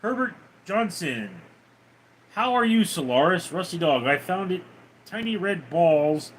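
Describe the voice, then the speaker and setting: A man on a casual livestream, going through viewer comments one by one and answering them with teasing, crude jokes. His voice sits a bit high for a man and swings widely in pitch, but he takes his time and speaks slowly. A faint hum of ambient noise sits underneath him. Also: sing-song. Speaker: livestream host.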